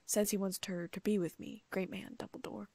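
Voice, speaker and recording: A woman voicing a huge gruff half-giant gamekeeper in a storybook reading, rough, trembling and urgent. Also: mid-range voice, steady tone, normal speed, a little mellow, no echo, natural voice.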